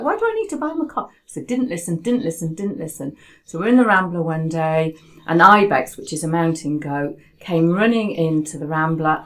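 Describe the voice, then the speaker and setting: A woman hosting a casual conversation, telling a personal story in an animated way with many restarts, at home. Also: on the low side, poor audio. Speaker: host. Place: home in Spain.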